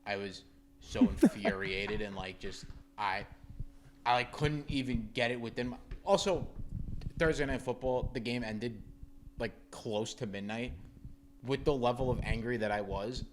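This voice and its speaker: A young man co-hosting a podcast, talking about sports in a halting way and repeating his words as he goes. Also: mid-range voice, slight background noise. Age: young adult. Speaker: podcast co-host. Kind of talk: casual sports chat.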